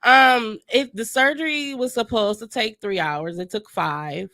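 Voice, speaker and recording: A woman co-hosting a casual chat show, telling her own story in a relaxed, plain-spoken way. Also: on the high side, a little slow, dry recording, clean studio sound. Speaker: podcast co-host.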